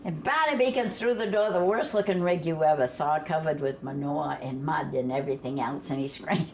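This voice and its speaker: A woman's voice: low-pitched, fairly quick, few pauses, darkish tone, slight background noise. An older woman from Vermont, telling family stories in a casual, folksy way and laughing along with them. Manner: folksy, laughs through her own stories. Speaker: storyteller guest.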